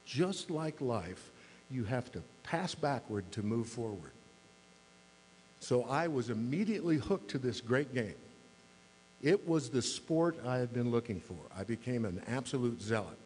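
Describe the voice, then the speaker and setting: A man's voice: medium pitch, expressive, moderate pace, darkish tone. A man in his sixties giving a mayor's talk to a club, telling wry, self-deprecating stories. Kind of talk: humorous anecdotal speech. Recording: reverberant hall with faint mains hum.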